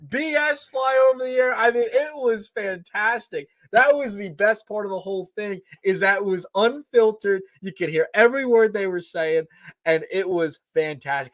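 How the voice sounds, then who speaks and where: High-pitched guy getting all worked up on a sports pod, bouncy voice. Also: no room sound. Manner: excitable, repeats himself for emphasis. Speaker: podcast co-host. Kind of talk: casual sports chat.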